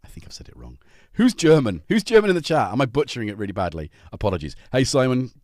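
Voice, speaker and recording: A man's voice: medium pitch, very animated, fast talker, a little mellow, dry recording. A man hosting a casual livestream from his home music studio, rambling cheerfully and greeting viewers by name. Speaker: livestream host.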